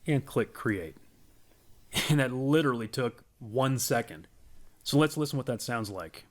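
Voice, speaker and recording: A man giving a casual, explanatory walkthrough of a software product on screen. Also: mid-range voice, expressive, measured pace. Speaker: software demo presenter.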